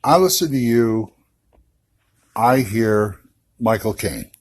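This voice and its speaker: A man's voice: medium pitch, expressive, moderate pace, a little mellow, slightly rough. A man, a fellow podcaster, leaving a playful, jokey voicemail call-in. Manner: jokey, playful, drops into whispers.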